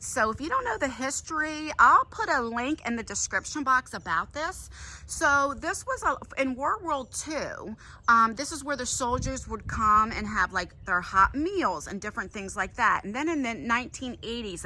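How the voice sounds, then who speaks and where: Woman, 40s, animated storyteller, walk-and-talk vlog, lively highish voice. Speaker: vlogger. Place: outdoor nature trail.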